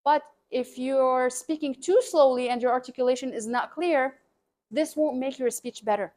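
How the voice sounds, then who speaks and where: A woman who coaches public speaking, talking to camera in an energetic, emphatic way and repeating her key points. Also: high-pitched, normal speed. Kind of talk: scripted educational talk to camera.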